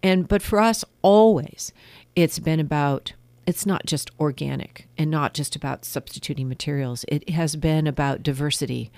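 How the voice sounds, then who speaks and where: A woman's voice: sits low, moderate pace, darkish tone, no room sound. Chatty woman guest on a radio show, laughs a lot, tells stories, dry close sound. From California. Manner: chatty, laughs easily, storytelling. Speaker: winemaker guest. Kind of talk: casual radio interview.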